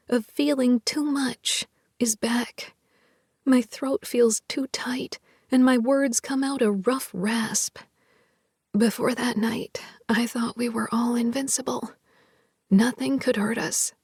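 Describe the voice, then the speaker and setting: A woman narrating a first-person romance in a soft, half-whispered voice. Her pitch sits a little high, her pace is unhurried, and her tone is breathy, recorded dry and close. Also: no room sound. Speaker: audiobook narrator.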